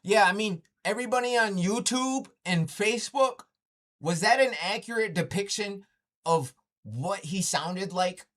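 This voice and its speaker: A man's voice: sits high, a little slow, fairly bright tone. Mocking man hosting a livestream. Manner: mocking, swearing, breaks into laughter. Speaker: livestream host. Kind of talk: taunting livestream chat.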